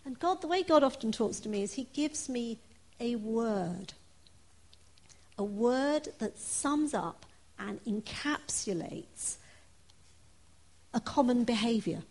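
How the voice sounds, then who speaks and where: Woman preacher, unhurried sermon delivery, earnest personal tone. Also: a little high, animated. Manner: earnest, personal, with soft laughs.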